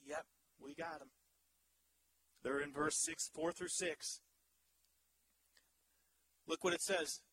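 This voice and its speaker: A male pastor in his thirties preaching a sermon in an animated, humorous way, swinging from loud to hushed. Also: a little high, takes it slowly, long pauses, husky, rough recording.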